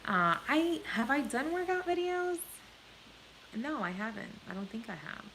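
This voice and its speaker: Woman, New Jersey accent, blunt live-stream chatter, bright voice, light background hiss. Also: fairly high pitch, very animated, measured pace, rough recording. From born in Puerto Rico, raised in New Jersey. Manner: blunt, frank, swears freely. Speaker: vlogger answering live viewer questions. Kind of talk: casual live-stream chat.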